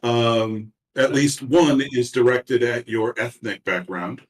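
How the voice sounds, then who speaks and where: A man narrating a tabletop game as game master, talking haltingly with many fillers and restarts. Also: mid-range voice. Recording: roomy echo, far from mic.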